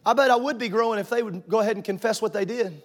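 In a church sanctuary, a man preaches a sermon to his congregation, growing fervent until he's shouting, and cracks jokes with the crowd between points. His voice sits high and he talks fast.

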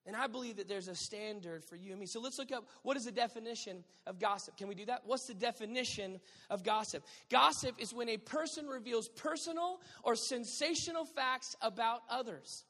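A woman's voice: on the high side, fairly quick, few pauses, fairly bright tone, long reverb tail. A woman pastor preaching a sermon, emphatic and conversational with playful asides to the congregation.

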